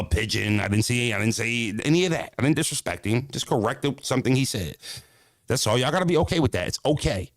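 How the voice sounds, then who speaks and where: A man with a Philadelphia accent streaming live, ranting to his viewers in a profane, emphatic and animated way. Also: medium pitch, no echo, studio quality. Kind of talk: casual livestream rant.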